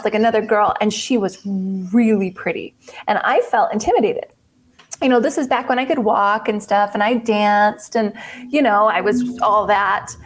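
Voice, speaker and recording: A woman in her thirties, a guest in an interview, speaking candidly and upbeat with trailing restarts. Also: fairly high pitch. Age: 30s. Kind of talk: casual interview conversation.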